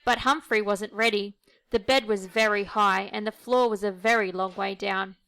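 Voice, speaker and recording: A woman reading a children's picture book aloud in a gentle, expressive way. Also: medium pitch, normal speed. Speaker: storyteller.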